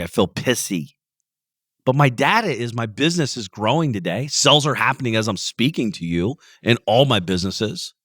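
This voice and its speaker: A man's voice: mid-range voice, a bit bright, no room sound, clean studio sound. A man hosting a podcast, recorded outdoors while he has a head cold. He talks bluntly and with emphasis, and he swears a lot. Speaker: podcast host. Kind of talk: motivational monologue. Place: outdoors out back.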